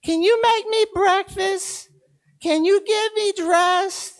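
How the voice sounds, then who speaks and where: A man's voice: very high-pitched, steady tone, slow pace, voice pushed up. A man voicing his eager three-year-old son, asking one question after another in a chirpy, pleading way. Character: eager little boy, three years old.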